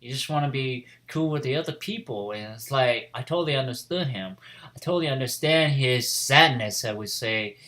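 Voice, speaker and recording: A man's voice: medium pitch, moderate pace, pushed and bright. A man casually reviewing an anime episode, rambling with lots of "you know" and "like" and restarting his phrases.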